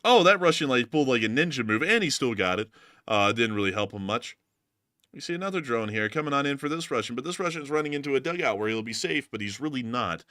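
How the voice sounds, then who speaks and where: A man narrates war footage in a loose, joking way, poking fun at himself between updates. His voice is bright and forceful, recorded close and dry with no room sound. He sits at mid pitch. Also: fast, no room sound. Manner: joking, animated, self-mocking. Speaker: host of a war news show. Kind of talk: casual commentary over war footage.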